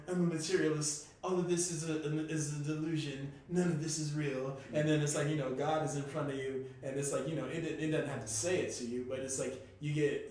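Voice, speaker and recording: A man telling a personal story on a podcast in a casual, animated way, swearing freely and sometimes rising to a shout. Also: fairly high pitch. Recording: echoey room, distant from mic, faint noise.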